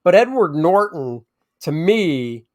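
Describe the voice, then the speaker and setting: Rambling man with a higher voice. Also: very animated, slow pace, darkish tone. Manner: rambling, often restarts and gropes for names. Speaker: movie review podcast co-host. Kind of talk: casual conversational movie review.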